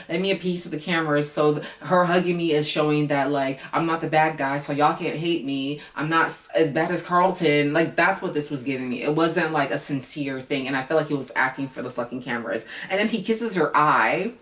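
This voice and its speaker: A woman's voice: low-pitched, a little fast, few pauses, fairly bright tone, reverberant, recorded from a distance. A woman who reviews reality TV in a casual vlog, ranting bluntly and with a lot of profanity.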